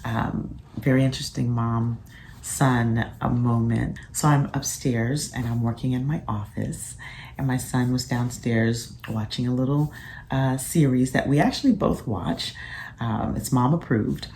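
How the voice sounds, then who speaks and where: A woman, a physician and mother, sharing parenting reflections in a casual vlog, soft-spoken and thoughtful with frequent pauses. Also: rumbling low, slight background noise.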